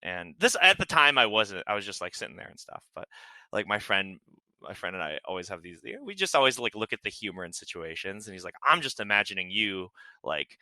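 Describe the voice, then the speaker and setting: A man's voice: lowish voice, sing-song, fast, pushed and bright, no room sound. A man chatting casually on a podcast, rambling with many fillers and frequent laughs. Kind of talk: casual chat.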